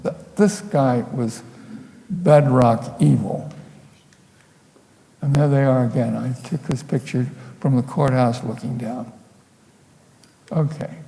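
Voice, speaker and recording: At a slide-show talk in a lecture hall, an older photographer tells meandering stories with a wry edge. His mid-range voice is gravelly and mellow, with a steady tone; he speaks slowly and pauses often. Hall reverb is audible.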